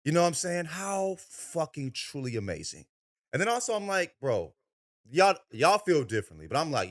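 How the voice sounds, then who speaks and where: Man, sports podcast co-host, lively swooping pitch, slangy and profane. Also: moderate pace. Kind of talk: casual sports chat.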